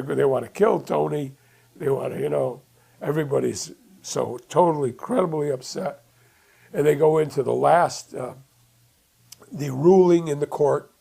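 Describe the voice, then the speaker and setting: Gravelly animated man telling a story. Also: mid-range voice. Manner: animated, chuckling, acting out scenes. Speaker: workshop presenter. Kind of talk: animated retelling of a film plot.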